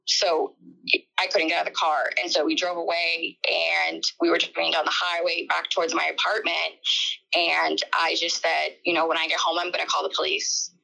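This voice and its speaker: Woman with a gravelly, bright voice. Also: deep voice, rough recording. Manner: halting, emotional retelling with many fillers. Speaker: interviewee. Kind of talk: personal testimony in an interview.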